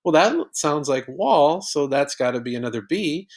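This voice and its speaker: Gravelly-voiced man teaching a lesson. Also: a little high, lively intonation, normal speed. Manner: patient, explains step by step with examples. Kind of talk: recorded poetry lesson.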